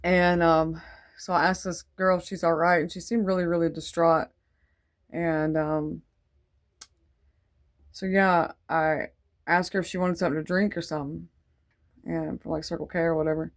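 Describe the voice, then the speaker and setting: A woman with a slightly low voice tells her faith story casually. She rambles and wanders off track, leaning on "like" and "um", and stays earnest and devout throughout. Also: flat delivery, moderate pace, long pauses. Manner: rambling and digressive, full of "like" and "um". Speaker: Christian testimony vlogger. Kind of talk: casual spoken testimony.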